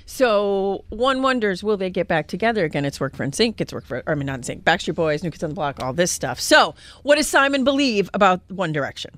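A woman's voice: fairly low pitch, lively intonation, brisk, few pauses, a bit bright. Chatty woman reading entertainment news. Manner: chatty, reads headlines and gives her own take. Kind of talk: radio entertainment news segment. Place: radio studio.

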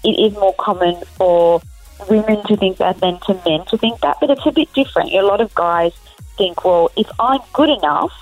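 A woman's voice: medium pitch, normal speed, a little mellow, dull audio, soft background music. A woman, speaking frankly as an expert guest on a radio talk show. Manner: articulate, explaining frankly. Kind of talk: radio discussion.

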